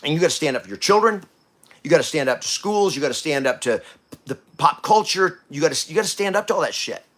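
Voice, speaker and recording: A man hosting a podcast, giving a blunt motivational talk that swings from quiet to loud, with coarse language. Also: fairly high pitch, expressive, fast. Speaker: podcast host.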